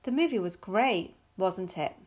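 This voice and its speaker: A woman on textbook audio, carefully reading out example questions with clear, marked intonation. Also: medium pitch, animated, a little slow, a little mellow. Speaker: recorded audio speaker.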